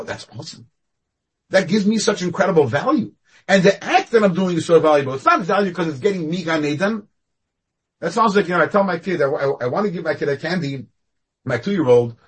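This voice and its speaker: Man, rabbi teaching online, husky, higher-pitched voice, animated, video call audio. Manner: animated, with sudden rises and falls in loudness. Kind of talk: online Torah class.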